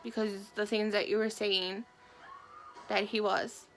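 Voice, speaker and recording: A young woman talks quietly and haltingly, stopping often and fighting back tears. Her voice is mid-pitched and slips into a gravelly fry. She speaks to the camera about her own life. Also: level tone, soft background music. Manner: soft, halting, emotional, with many pauses and fillers. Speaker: woman sharing her story. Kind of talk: personal testimony to camera.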